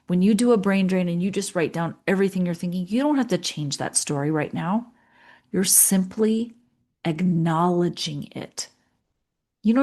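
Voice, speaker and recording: A woman's voice: on the low side, darkish tone. A middle-aged woman coaching people who lost school leadership jobs, talking earnestly and chatting, often acting out what her clients might say. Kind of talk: coaching session talk.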